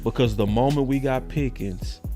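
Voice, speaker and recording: A man's voice: mid-range voice, moderate pace, warm tone, faint music behind. A man hosting a sports podcast, talking in a heated, slangy, repetitive way. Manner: fired-up, slangy, repeats himself. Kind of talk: heated casual sports talk.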